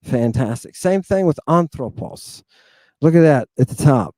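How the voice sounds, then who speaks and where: A man teaching a lesson in a casual, animated way, often asking "right?" and calling his listeners "people". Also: medium pitch, measured pace, dry recording. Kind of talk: informal lesson.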